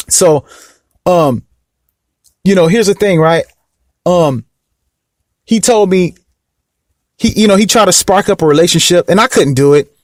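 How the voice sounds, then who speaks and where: High-voiced man telling a rambling story. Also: measured pace, long pauses, no room sound, clean studio sound. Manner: rambling, repeats himself, keeps asking "you know what I mean". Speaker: vlog host. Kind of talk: casual personal storytelling.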